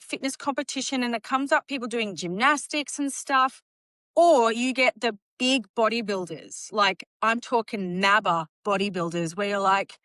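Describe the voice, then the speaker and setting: Animated woman telling a story. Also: on the high side, no echo. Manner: animated, acts out quotes, laughs often. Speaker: guest, bodybuilding champion. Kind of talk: casual podcast storytelling.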